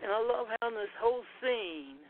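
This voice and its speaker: A man co-hosting a casual movie commentary, blunt and profane, talking in quick bursts with restarts. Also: extremely high pitch, lively intonation. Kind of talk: casual chat over a movie. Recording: tinny phone-like sound, dry.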